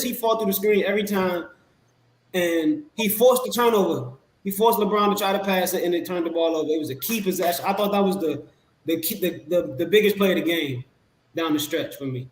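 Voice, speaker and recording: A man as a podcast guest, talking basketball in a relaxed, rambling way with many fillers and restarts. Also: high-pitched. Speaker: podcast guest, Sixers fan. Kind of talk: casual sports talk. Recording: echoey room.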